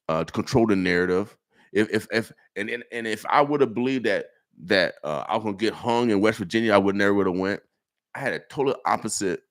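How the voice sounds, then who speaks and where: A man from Nebraska hosting a morning radio show, talking in an animated way that repeats itself and exhorts like a preacher. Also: on the low side. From Nebraska, USA. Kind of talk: casual radio talk. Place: radio studio.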